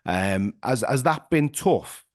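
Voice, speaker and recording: A man's voice: mid-range voice, animated, takes it slowly, no room sound, clean studio sound. A man with a Liverpool accent interviewing a guest in a friendly, matey way. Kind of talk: casual interview chat.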